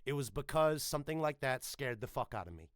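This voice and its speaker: A man's voice: medium pitch, lively intonation, a little fast, no room sound, clean studio sound. A man, a voice actor, talking casually and emphatically in an interview, swearing freely. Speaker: voice actor guest.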